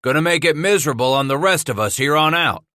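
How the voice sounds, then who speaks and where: A male narrator voicing a gruff company trapper in an audiobook western, growling his complaints. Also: on the high side, lively intonation, normal speed, pushed and bright, dry recording, studio quality, voice pushed up. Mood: grumbling.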